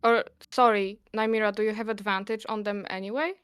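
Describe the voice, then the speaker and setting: A woman playing a tabletop game who gets excited, swears and laughs often. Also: mid-range voice, brisk, clear, resonant tone, no room sound, clean studio sound. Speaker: player. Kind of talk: casual tabletop play.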